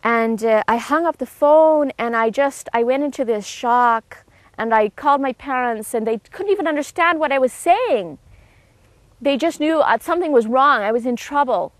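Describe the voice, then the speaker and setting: A woman's voice: lively intonation, moderate pace, no room sound. A woman giving an earnest, emotional personal testimony, telling her story with frequent restarts. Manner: acts out quoted voices with raised pitch.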